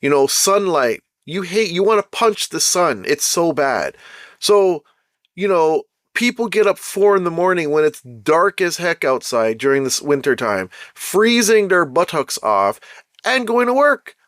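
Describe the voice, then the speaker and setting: A man rants straight to his viewers in a casual vlog, exasperated and circling back to the same points. His voice sits a little high for a man, and the sound is dry and close with no room around it. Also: sing-song, unhurried, a bit bright, no room sound. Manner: exasperated, ranting, repeats "bro" and "like". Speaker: vlogger. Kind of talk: casual ranting monologue.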